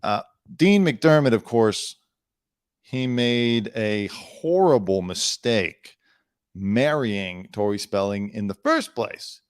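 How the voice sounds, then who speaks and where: A man's voice: on the low side, lively intonation, takes it slowly, clear, resonant tone, no echo, clean studio sound. A man hosting an entertainment news show, reading headlines aloud and breaking off into sarcastic, rambling riffs. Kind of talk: casual news commentary.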